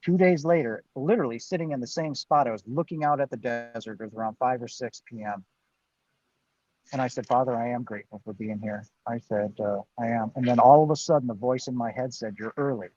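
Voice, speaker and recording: A man's voice: mid-range voice, fairly quick, darkish tone, no room sound, highs cut off. A middle-aged man, a guest on a livestreamed interview, telling his story in an earnest, emphatic way and often adding "right?". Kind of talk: storytelling in a live-streamed interview. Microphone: video call.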